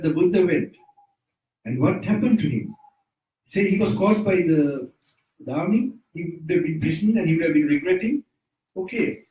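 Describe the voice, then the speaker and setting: A man's voice: sits high, warm tone. A man gives an informal Buddhist dharma talk in a home, correcting himself as he goes and chuckling often. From Sri Lanka. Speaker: Buddhist monk teacher. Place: indoors at a private residence. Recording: roomy sound, mic at a distance.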